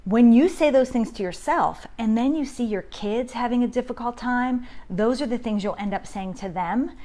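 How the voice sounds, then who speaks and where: A woman's voice: a little high, moderate pace, warm tone. Woman chatting on a phone live stream. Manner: conversational, acts out inner self-talk in quotes. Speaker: host of a parenting live stream. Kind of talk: casual live Q&A talk. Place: home, indoors. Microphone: phone camera.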